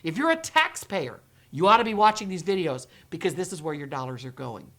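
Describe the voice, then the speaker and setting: A woman's voice: on the low side, very animated, fairly quick, fairly bright tone. A middle-aged woman, an educator with thirty years of experience, talking straight to her viewers and acting out the reactions she expects with gasps and whispers. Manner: dramatic, acts out quoted reactions with gasps and whispers. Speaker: educator running her own company and channel. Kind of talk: direct-to-camera talk.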